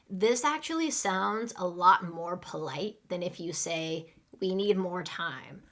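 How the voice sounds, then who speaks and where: A woman's voice: lowish voice, unhurried, a bit bright. A woman teaching a live English lesson, patiently modeling restaurant phrases for students to repeat.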